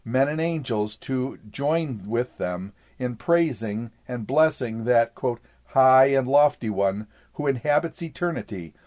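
A man reading an old sermon aloud in a measured, formal way, saying "quote" and "end quote" around scripture passages. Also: mid-range voice, darkish tone.

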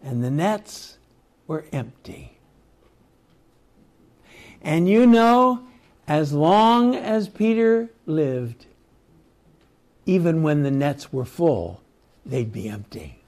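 A man leads a Bible study with a slightly raised pitch. He talks slowly, retelling scripture stories in a reflective way and reading passages aloud with steady pauses. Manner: slow, reflective storytelling with chuckles. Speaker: Bible teacher.

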